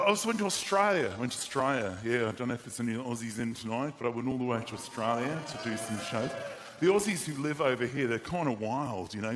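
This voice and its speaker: A man doing stand-up comedy on a theatre stage, acting out little scenes and voices. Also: medium pitch. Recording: live theatre with audience noise.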